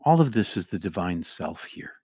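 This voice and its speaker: Lively middle-aged man with faint Boston accent. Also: sits low, normal speed, husky, no room sound, studio quality. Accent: Boston, mostly trained out. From Boston area. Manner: animated, rambling, repeats words and restarts. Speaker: host reading viewer comments. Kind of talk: casual livestream talk.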